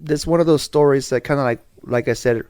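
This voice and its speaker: A man's voice: medium pitch, fast talker, a little mellow, clean tone, dry recording. Dry-voiced man telling a rambling story. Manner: rambling, slangy, lots of restarts. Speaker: podcast host. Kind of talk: casual storytelling chat.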